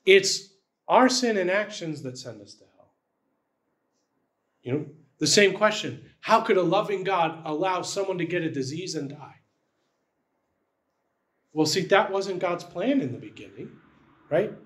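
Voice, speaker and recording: High-voiced man preaching a sermon. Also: expressive, a little slow, long pauses, a bit bright. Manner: conversational preaching, frequent "right?" asides. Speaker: pastor. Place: church.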